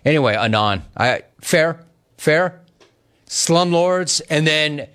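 A middle-aged man hosting a talk show, reading listener gripes aloud and teasing callers. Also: medium pitch. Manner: teasing, animated, mock-outraged. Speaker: radio talk show host. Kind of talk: reading listener messages on live radio.

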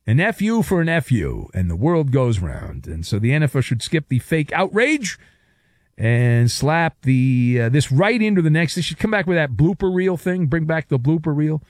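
A man's voice: fairly high pitch, very animated, brisk, hardly any pauses, no room sound. A man hosting a sports talk radio show, ranting sarcastically in a monologue on a studio microphone. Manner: sarcastic, mock-outraged ranting.

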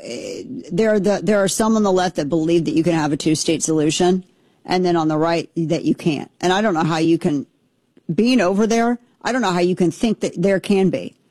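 A woman's voice: fairly low pitch, darkish tone, no echo. A woman hosting a show, giving opinionated commentary in an impassioned, emphatic way that rambles with restarts.

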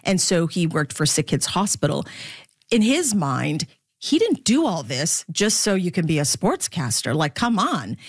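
A woman's voice: on the low side, big pitch swings, measured pace, breathy edge, no echo, studio quality. A middle-aged woman, a baseball broadcaster from the Philippines, talking candidly as an interview guest and laughing often.

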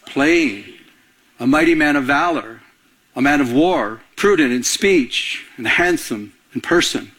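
A man, a pastor, preaching a sermon in a conversational, animated way that dramatizes scenes. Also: on the high side, a little slow, breathy edge.

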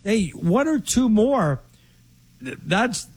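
Man, co-host, casual sports chat, husky, slightly high voice, emphatic, rambling. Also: big pitch swings, takes it slowly. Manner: rambling, restarts often, emphatic opinions. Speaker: podcast co-host.

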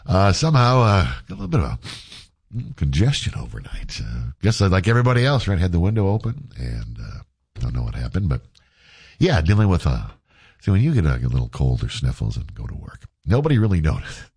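A man's voice: deep voice, big pitch swings, fairly quick, creaky, darkish tone, breathy edge. Congested man hosting morning radio. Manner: chatty and self-mocking. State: congested, stuffy nose. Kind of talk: casual morning radio chat. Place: radio studio.

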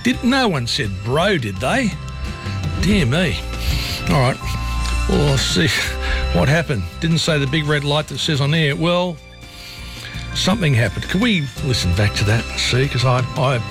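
A man's voice: fairly high pitch, lively intonation, unhurried, pauses often, music in the background. An Australian man hosting late-night talkback radio, chatty and rambling as he thinks aloud. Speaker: radio host. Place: radio studio. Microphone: studio microphone.

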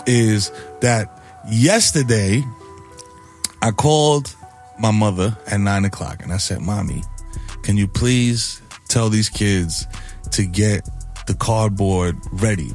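A middle-aged man hosting a morning radio show, riffing in an animated, playfully preachy way. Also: on the low side.

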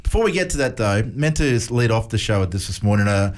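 A man's voice: fairly low pitch, fast. An Australian man in his forties, co-hosting a casual radio show and telling stories with frequent laughs. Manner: storytelling, laughs often, animated retelling. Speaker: radio co-host. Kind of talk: casual breakfast radio chat.

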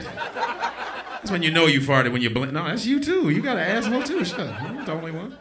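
Male stand-up comic, a bit high, very lively delivery, live club mic with loud audience laughter. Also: fairly quick, a crowd in the background. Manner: animated, acts out both sides of scenes; drops to a low hushed voice for asides. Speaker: stand-up comedian. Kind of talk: stand-up comedy set.

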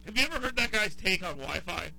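Here the Southern radio host is expressive and quick, his high, bright voice creaky and sharp-edged as he rants and keeps repeating himself. Soft music plays behind a low-quality recording.

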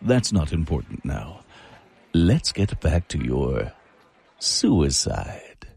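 A man's voice: extremely low pitch, very animated, slow, creaky, full character voice. An actor playing a sly, devilish man posing as a suicide hotline counselor, coaxing and sinister. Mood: smooth. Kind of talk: audio drama acting.

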